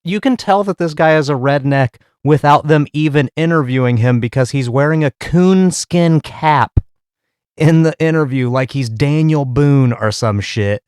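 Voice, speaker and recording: A man hosts a casual comedy commentary with crude, profane jokes. His voice comes through smooth and clear. The mic is close and the room is dry. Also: on the high side, normal speed, darkish tone, no room sound. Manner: crude, profane, laughing often. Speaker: podcast host.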